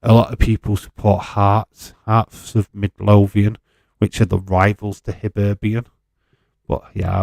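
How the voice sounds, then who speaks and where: A man with a lowish, gravelly voice talks slowly and chattily through a live wrestling watch-along. He wanders off into tangents and swears casually. The sound is close and dry. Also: a little mellow, dry recording. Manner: rambling, chatty, swears freely. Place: home in Fife.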